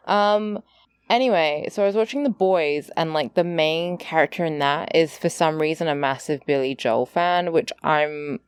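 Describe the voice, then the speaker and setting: A woman's voice: low voice, normal speed, smooth, no echo. A young woman, a student, co-hosting a podcast in casual chat, chatty and wry with some swearing. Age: young adult. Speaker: podcast co-host.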